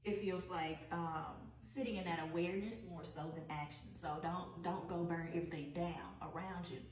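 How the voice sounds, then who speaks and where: A woman giving a weekly tarot reading, unhurried and musing aloud, often repeating her phrases. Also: on the low side, fairly even intonation, echoey room, far from the mic, rough recording. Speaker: tarot reader.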